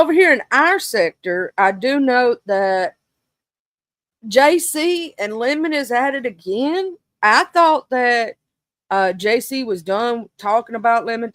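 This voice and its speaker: A woman hosting a casual livestream gossip chat, animated and talkative, breaking into sudden high exclamations. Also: no echo. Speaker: livestream host.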